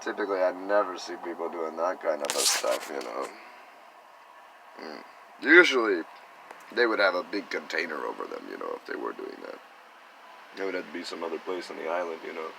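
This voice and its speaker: Deep gravelly man musing on energy. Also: brisk, pauses often, noisy background. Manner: musing, animated, acts out imagined conversations. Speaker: vlogger talking about energy healing. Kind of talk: rambling spiritual monologue.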